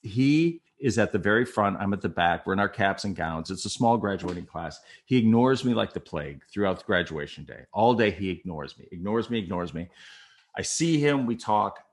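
A man from Minnesota telling an emotional personal story, acting out the voices and swinging from quiet to loud. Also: fairly low pitch, normal speed. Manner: animated, acts out voices, swings from soft to loud.

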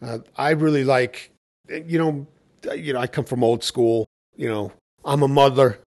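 A man at a middle pitch speaks in a relaxed, conversational way. He is a cocktail educator who tells stories and acts out quoted exchanges between people. His speech comes across as easygoing. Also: unhurried. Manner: anecdotal storytelling, acting out quoted exchanges. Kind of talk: casual conversation.

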